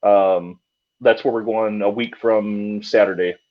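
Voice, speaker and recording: A man's voice: fairly low pitch, steady tone, measured pace. A man, a paranormal investigator, telling a story casually, with many fillers and restarts. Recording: dull lo-fi sound.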